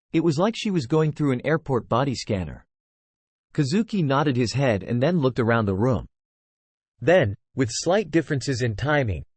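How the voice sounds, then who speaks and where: A man reads a fantasy web novel aloud at a steady, even pace. His pitch moves around a good deal from phrase to phrase. The sound is dry and close, with no room around it. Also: breathy edge, no echo. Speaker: audiobook narrator. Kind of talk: plain narration of a web novel.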